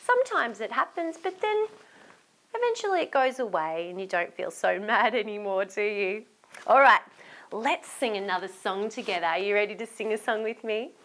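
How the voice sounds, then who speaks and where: A woman's voice: mid-range voice, lively intonation, normal speed, a bit bright. An Australian woman hosting a children's storytime show, coaxing young kids directly in a playful voice with gasps and exclamations. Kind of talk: children's storytime and sing-along.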